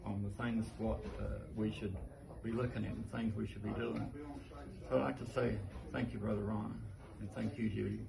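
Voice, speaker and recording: A man's voice: lowish voice, gravelly, distant mic, noisy background. A church member thanking his pastor in a plain, hesitant way. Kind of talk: thank-you message.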